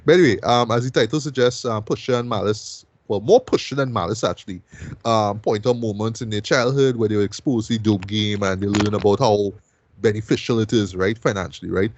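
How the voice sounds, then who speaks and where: A man's voice: lowish voice, brisk, dry recording, dull audio. A man hosting a music review show, talking loosely and casually and ending most sentences with "right?".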